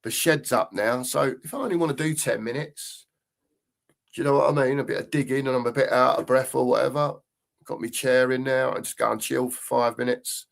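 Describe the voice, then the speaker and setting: A man's voice: medium pitch, fairly even intonation, fairly quick, creaky. Older man, live-stream host; rambling, repetitive, chatty delivery. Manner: rambling, repeats phrases, chatty. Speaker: fan channel host reading live comments. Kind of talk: casual live-stream chat.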